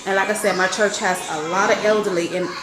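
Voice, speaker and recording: A woman's voice: mid-range voice, steady tone, quick pace. A young woman chatting casually to her viewers in a home vlog, recorded in her kitchen. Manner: chatty, talks straight to viewers, says "y'all" often. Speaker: vlogger, stay-at-home mom. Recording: echoey room with loud background music.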